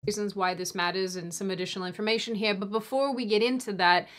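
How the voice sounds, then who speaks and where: A woman reading scripted online commentary in a middle-pitched voice. She is sarcastic and dry, breaking off for quick mock apologies before moving on. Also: fairly even intonation, a bit bright.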